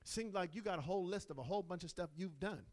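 Speaking quickly in a high voice, a middle-aged pastor delivers his sermon conversationally. He shifts from hushed asides to loud, emphatic declarations.

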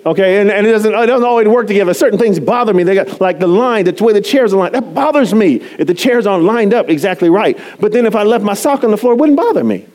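A man preaching a sermon, animated and chatty, often laughing and poking fun at himself as he talks to the congregation. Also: high-pitched, quick pace, hardly any pauses. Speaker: pastor.

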